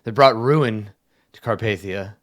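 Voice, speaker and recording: A man's voice: low voice, steady tone, a little slow, fairly bright tone, clean tone, no echo, studio quality. A man playing a guilt-ridden brooding king. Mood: anguished. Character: grief-stricken brooding male king.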